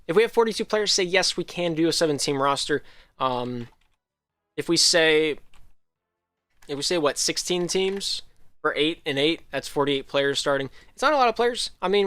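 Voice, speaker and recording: A man's voice: on the high side, fairly bright tone, no room sound. A man hosting a live stream, talking casually and rambling, with many restarts and a slight Southern American drift. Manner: rambling, frequent ums and restarts. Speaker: league host. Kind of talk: casual livestream talk.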